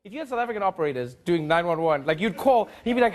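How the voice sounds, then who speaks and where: A man's voice: sits high, animated, racing, few pauses, background noise. A man performing a stand-up comedy routine, joking and laughing through his punchlines.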